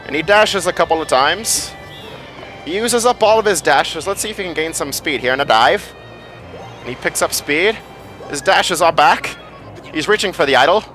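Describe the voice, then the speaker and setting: A man's voice: on the high side, lively intonation, normal speed, sharp tone, soft background music, voice pushed up. A man putting on an old-timey 1920s announcer voice, calling the action play by play. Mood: excited.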